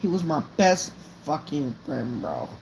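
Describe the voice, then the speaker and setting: A man's voice: a little high, sing-song, a little slow, creaky, darkish tone, slight background noise. A young man casually telling a true story on a live stream, rambling and swearing, with lots of "right?" fillers.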